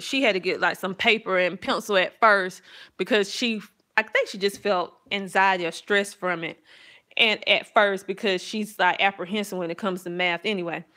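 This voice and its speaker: Middle-aged mom rambling excitedly about homeschool math picks, clear bright voice. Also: female voice, mid-range voice. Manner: enthusiastic, rambling, with soft laughs. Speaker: homeschooling mom reviewing curriculum. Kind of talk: casual chat to camera.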